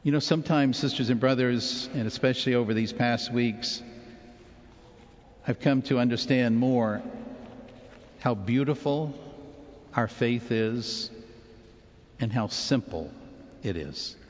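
A man preaching a sermon as a priest, earnest and slow with long pauses. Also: mid-range voice. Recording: dull sound with long church reverb.

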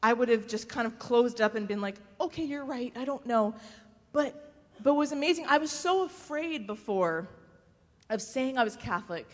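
A woman with a fairly high voice tells humorous faith stories to a live audience. She is an animated storyteller who slips into other people's voices and laughs easily. Her voice rings out with the long reverb of a large hall. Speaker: speaker giving a faith talk.

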